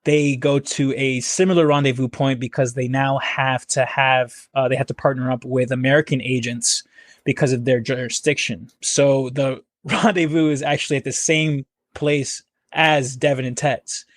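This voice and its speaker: A man's voice: mid-range voice, flat delivery, moderate pace, no room sound. Dry-sounding man chatting loosely. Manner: rambling, filler-heavy, laughs often. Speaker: guest comedian and actor. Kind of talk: casual podcast conversation. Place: home, near Philadelphia.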